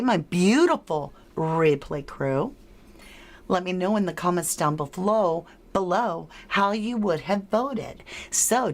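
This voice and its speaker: A woman hosting a true-crime livestream, chatting with viewers, reading their comments aloud and running a poll, laughing often. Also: lowish voice. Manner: chatty and unhurried, laughs often, drawn-out words. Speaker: livestream host.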